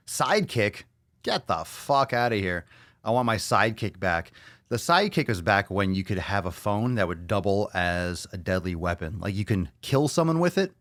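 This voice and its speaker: A man's voice: low voice, gravelly, a bit bright, dry recording, studio quality. A man hosting a solo podcast, talking loosely and profanely, joking as he rambles. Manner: loose, profane, joking, puts on silly voices. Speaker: podcast host. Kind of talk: casual solo podcast rant.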